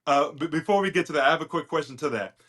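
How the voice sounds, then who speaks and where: A man co-hosting a casual sports podcast, measured, putting questions to the others. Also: a little high, a crowd in the background. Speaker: podcast co-host.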